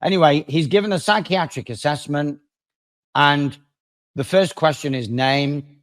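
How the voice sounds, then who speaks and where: Male guest lawyer, raised pitch; lively storyteller, swings from emphatic to hushed. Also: a little slow. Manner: animated, dramatic swings in loudness. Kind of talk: conversational storytelling.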